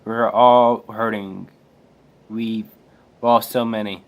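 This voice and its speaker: A man reading a worried heroine's lines from a comic in his own slow voice, without changing it. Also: lowish voice, flat delivery, dull audio. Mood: earnest.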